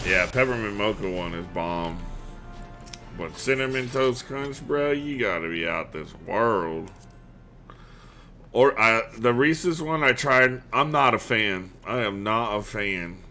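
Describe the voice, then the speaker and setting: A man streaming a game live, chatting casually in a loud, profane, joking way. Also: fairly low pitch, expressive, slow pace. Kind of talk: casual livestream chat while gaming.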